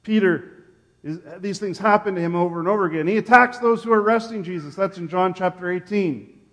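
A man pastor preaches in an animated storytelling style, acting out each quote as he goes. His voice sits high for a man. A long reverb from the church sanctuary follows every phrase. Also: fairly quick. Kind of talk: sermon.

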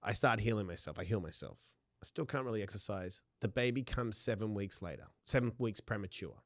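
Male podcast guest, lively storyteller who laughs through his lines, dry close-miked sound. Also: lowish voice, brisk, no echo. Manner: animated, laughs often mid-sentence; acts out dialogue in his stories. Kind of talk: personal storytelling.

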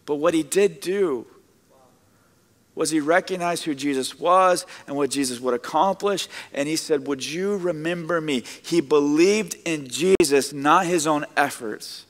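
A man's voice: on the high side, unhurried, big-room sound. A male pastor preaching a sermon to his congregation in a church, in a conversational style with joking asides. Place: church sanctuary with audience.

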